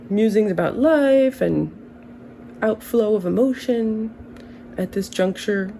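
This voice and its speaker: A woman in her early thirties speaks in a relaxed, warm tone with plenty of vocal fry. She drifts through a casual monologue, wandering off on tangents with dry, self-mocking humor and the odd curse. A faint hum sits behind her. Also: medium pitch, rough recording. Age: early 30s. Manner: rambling, tangent-prone, wry and profane. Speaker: vlogger.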